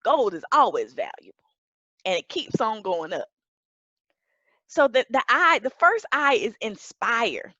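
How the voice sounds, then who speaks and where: A woman pastor preaching an emphatic sermon that rises to shouts. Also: on the high side, big pitch swings, unhurried, pauses often, no echo, lo-fi sound.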